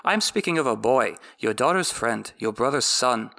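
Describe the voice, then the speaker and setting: A man's voice: mid-range voice, animated, normal speed, creaky, bright, forceful tone. A man voicing an earnest, loyal middle-aged knight who speaks plainly and pleads his case.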